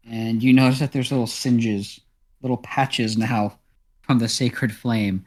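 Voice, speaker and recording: A man narrating as game master in a tabletop game, describing scenes with a relaxed, steady delivery. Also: medium pitch, slow.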